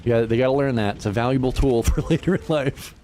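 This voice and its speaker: A man's voice: medium pitch, quick pace, a little hiss or hum. A man in his fifties chatting casually as a livestreamer, swearing freely and laughing often. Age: 50s. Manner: animated, profane, laughs often. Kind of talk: casual chat.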